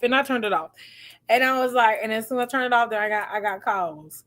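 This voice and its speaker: A woman's voice: medium pitch, quick pace. A woman hosting a relationship advice talk, telling stories casually and acting out what people said, often laughing. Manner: animated, acts out quoted voices, laughs often. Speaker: host giving relationship advice.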